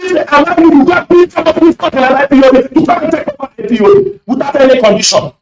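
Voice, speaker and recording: A man calling in to a radio show, speaking emotionally in rapid-fire accusations and shouting at times. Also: very high voice, soft background music. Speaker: caller. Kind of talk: impassioned radio call-in speech. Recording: echoey and distant line.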